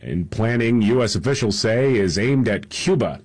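A male radio talk host with a husky voice, reading news headlines in a conversational way with fillers. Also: on the low side, lively intonation, moderate pace, darkish tone.

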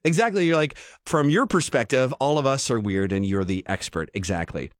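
A man's voice: mid-range voice, expressive, brisk, dry recording. A man hosting a morning radio show, playful and teasing as he chats with a caller on a studio mic. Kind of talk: lively radio banter.

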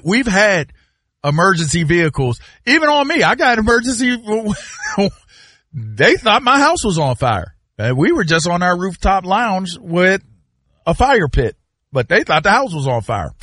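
Brief: man, fairly high and bright, very animated storyteller, dry sound. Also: no echo. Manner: animated storyteller, loud sudden shouts. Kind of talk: casual chat.

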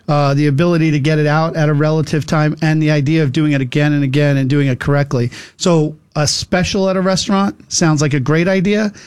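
A man's voice: on the high side, darkish tone, clear, resonant tone, dry recording. Chatty New restaurant man. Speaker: restaurant owner. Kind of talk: casual chat.

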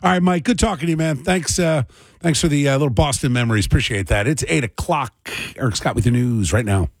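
A man's voice: mid-range voice, fast talker, no room sound. A man hosting a call-in radio talk show, chatting casually and rambling with fillers.

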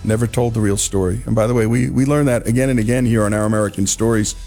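Radio host guy, earnest and emphatic, low warm voice w/ quiet music behind. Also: steady tone, quick pace. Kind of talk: radio narration.

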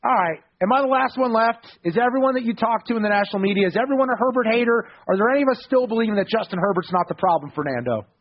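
Male sports radio host, rapid jokey delivery, husky and a bit high, muffled lo-fi sound. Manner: fast, jokey and excitable.

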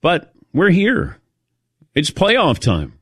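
A man hosting a sports talk show in casual chat, telling a self-mocking story in a lively way and acting out the quotes, into a studio mic. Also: on the high side, extremely slow, no echo.

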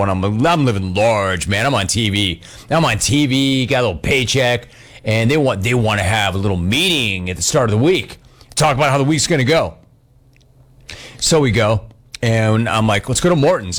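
A man hosting a talk show, telling stories fast and doing voices. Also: mid-range voice. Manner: animated, fast, does voices. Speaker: radio talk show host. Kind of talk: casual storytelling and call-ins.

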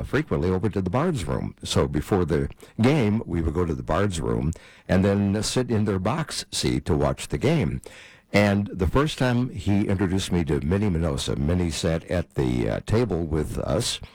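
A man's voice: deep voice, very animated, moderate pace, darkish tone, no room sound. An older man hosting a casual interview, fondly reminiscing about old times. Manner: fond reminiscing. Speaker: host.

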